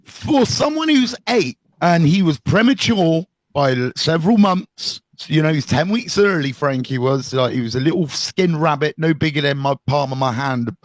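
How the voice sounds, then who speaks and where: A man's voice: a little high, expressive, moderate pace, hardly any pauses, no echo. A middle-aged British man hosting a casual live stream as a recovery mentor, blunt and jokey, swearing freely as he talks. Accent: British English. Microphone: phone live stream.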